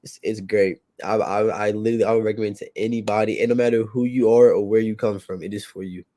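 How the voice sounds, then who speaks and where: A young man with a mellow, dark voice shares a heartfelt testimony. His talk is casual and slangy, full of repeats and restarts. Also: fairly low pitch, steady tone, fast. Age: young adult. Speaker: youth program participant.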